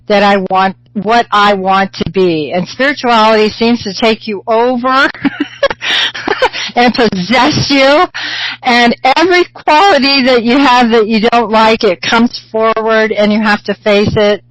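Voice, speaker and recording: A woman's voice: medium pitch, dry recording, poor audio. Chatty woman medium, dry close sound. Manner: rambling, chatty, many fillers and restarts. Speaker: spiritual medium teacher. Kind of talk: casual spiritual teaching talk.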